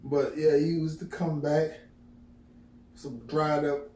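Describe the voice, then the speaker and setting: In an echoey room with slight background noise, a middle-aged man talks at a slow pace in a slightly high voice, well away from the mic. As a vlogger, he tells animated, profane stories to camera and acts out quotes.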